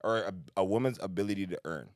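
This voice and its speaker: A man with a Toronto accent hosting a casual podcast chat, animated and slangy, swearing freely. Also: deep voice, fast, dry recording, studio quality. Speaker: podcast host.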